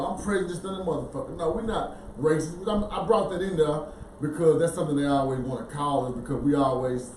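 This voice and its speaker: A man's voice: a little high, quick pace, a little mellow, echoey room, distant mic, a little hiss or hum, low-quality recording. A man co-hosting a casual spiritual discussion, speaking bluntly and breaking words down as he explains. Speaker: podcast co-host.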